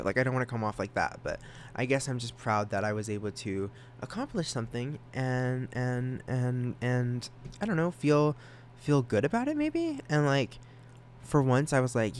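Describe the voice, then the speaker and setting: Rambling, excitable young man. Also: mid-range voice, normal speed, a little hiss or hum. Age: young adult. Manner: rambling, excitable, self-conscious, with stammered restarts. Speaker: podcast host. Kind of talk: solo casual podcast chat.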